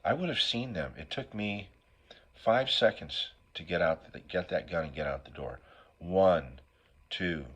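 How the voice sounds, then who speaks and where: A man's voice: low voice, big pitch swings, moderate pace, pushed and bright, breathy edge. A middle-aged man telling an emotional personal story as a recovery speaker. He talks in a raw, profane way, keeps asking "right?", and sounds sniffly from allergies.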